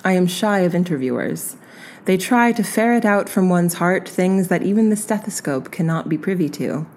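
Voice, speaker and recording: A woman reading a literary essay aloud in a slow, measured and reflective way. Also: fairly low pitch, animated, a little mellow, a little hiss or hum. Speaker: reader.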